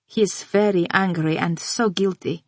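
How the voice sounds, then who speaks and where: A woman narrator voicing a rattled young woman, speaking in slow, emphatic, broken phrases. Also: lowish voice, steady tone, darkish tone, no echo, studio quality, close to an everyday voice. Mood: tense. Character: tense, rattled young woman friend of the victim.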